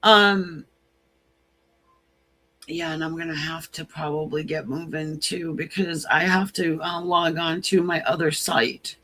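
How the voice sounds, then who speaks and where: A woman tarot reader talking to her live-stream viewers in an unhurried, drawn-out way. She is chatty and frank and breaks into laughter between her points. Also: sits low, steady tone, bright, forceful tone, slight background noise. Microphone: computer mic on a live stream.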